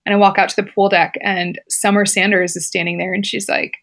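She speaks fast with few pauses, her medium-pitched voice steady and fairly bright. A former competitive swimmer, she's a casual interview guest sharing a personal story, laughing often and filling her talk with "like" and "you know."

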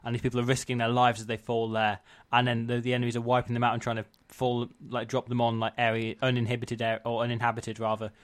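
Man, understated deadpan delivery, casual chat. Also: medium pitch, quick pace, hardly any pauses.

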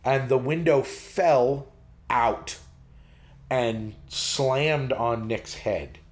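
A man's voice: mid-range voice, drawn-out words. A man co-hosting a podcast, telling a story in casual chat and easily amused. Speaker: podcast co-host.

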